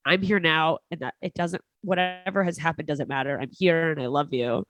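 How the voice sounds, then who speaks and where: A woman with a fairly low voice talks through a personal story in a loose, conversational way. She often stops and restarts, leans on fillers, and drops in a short laugh now and then. The sound is dry and close to the mic. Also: steady tone, no echo. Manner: halting, many fillers and restarts, laughs between lines. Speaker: comedian guest.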